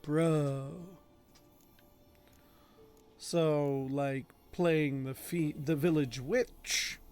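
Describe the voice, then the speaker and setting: A man in his thirties chats casually while streaming a game, joking and scolding his in-game horse. His voice runs a bit higher than most men's. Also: steady tone, extremely slow, a little mellow, faint music behind. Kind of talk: casual gameplay commentary.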